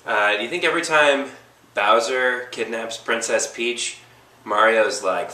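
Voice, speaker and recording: A man telling a joke slowly, with big swings in pitch. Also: sharp tone, reverberant, far from the mic. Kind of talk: joke with acted quotes.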